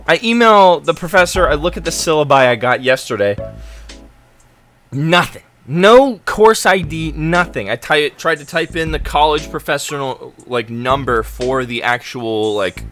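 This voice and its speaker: A young man rants with dramatic exasperation and biting sarcasm, his pitch leaping up and down constantly. His voice sits a little high and sounds bright and forceful. Soft music plays faintly behind him. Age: young adult. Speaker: college student vlogger. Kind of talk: ranting storytelling vlog.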